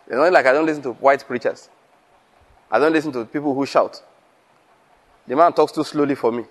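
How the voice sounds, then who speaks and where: Chuckling pastor with a higher voice. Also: male voice. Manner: conversational, chuckling, rhetorical questions. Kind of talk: teaching sermon.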